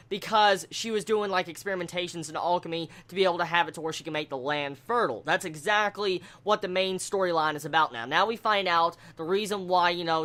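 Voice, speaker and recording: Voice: mid-range voice, sharp tone. An anime reviewer giving a casual, candid spoken review, blunt and exclamatory, rambling with restarts.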